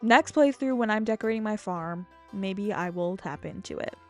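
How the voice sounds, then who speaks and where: A young woman chatting casually over her gameplay, rambling from topic to topic, getting excited and swearing freely. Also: mid-range voice, moderate pace, soft background music. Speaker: gaming YouTuber.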